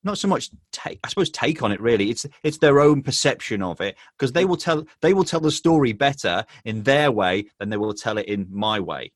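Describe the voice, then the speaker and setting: A man's voice: mid-range voice, expressive, no echo, studio quality. A man from England with an English accent, a business owner talking earnestly as an interview guest, often restarting his sentences. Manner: halting, many restarts and "um"s, earnest. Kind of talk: casual interview chat.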